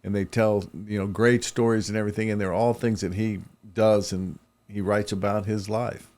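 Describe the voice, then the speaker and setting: A man's voice: lowish voice, little pitch movement, normal speed, darkish tone. A man guest on a comedy podcast, chatting in an easygoing, explanatory way. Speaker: podcast guest, stage manager. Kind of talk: casual chat.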